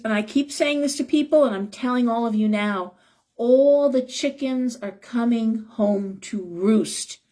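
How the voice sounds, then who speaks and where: A woman's voice: fairly high pitch, a little mellow. A middle-aged woman giving a live tarot reading, talking in an impassioned, emphatic, rambling way. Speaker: tarot reader and shop owner. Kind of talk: live-stream tarot talk.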